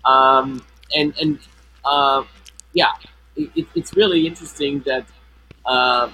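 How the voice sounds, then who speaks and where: A man's voice: medium pitch, takes it slowly, bright, forceful tone, breathy edge, low-quality recording. A man co-hosting a casual live stream, talking with many stops and restarts, his voice run through a flanger effect. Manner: hesitant, many restarts and fillers. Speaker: co-host. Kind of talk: casual chat.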